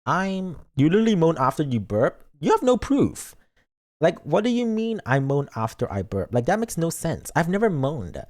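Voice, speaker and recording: A man's voice: on the high side, sing-song, moderate pace, few pauses, darkish tone. A man streaming a game as a VTuber, chatting casually with his viewers in a playful, goofy, mock-defensive way.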